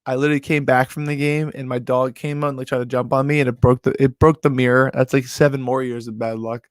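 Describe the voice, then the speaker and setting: A young man tells a long, rambling story as a sports betting host, filling his talk with "like" and "yo". His voice sits at an ordinary middle pitch. The sound is dry and close, with no room around it. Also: quick pace, no room sound. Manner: rambling, animated storyteller full of "like". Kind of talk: casual storytelling recap.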